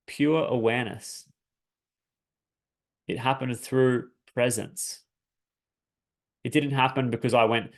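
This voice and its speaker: A man coaching his listeners, telling a personal story in an earnest, searching way, often restarting his phrases. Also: medium pitch. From Australia. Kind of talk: reflective personal talk.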